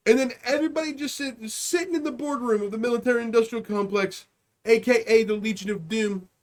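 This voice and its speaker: A man's voice: very high voice, fairly even intonation, fairly quick. A man hosting a comedy podcast, ranting in a profane, rambling monologue and slipping into mocking voices. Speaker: podcast host. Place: home streaming setup.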